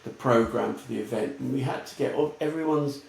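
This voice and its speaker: A gravelly, medium-pitched male voice moves a little fast as this English podcast guest, a retail futurist, tells stories in a blunt, animated, laugh-filled interview. Faint background noise and room echo are present.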